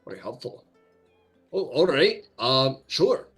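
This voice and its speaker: A man's voice: medium pitch, animated, measured pace, fairly bright tone, faint music behind. A man voicing a frazzled male ship's hand who is distracted and mildly suspicious, in a tabletop game.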